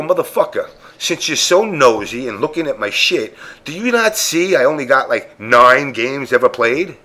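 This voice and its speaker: On a podcast panel, a man with a mid-range, fairly bright voice tells a story in casual conversation. He is blunt and profane, acting out what people said.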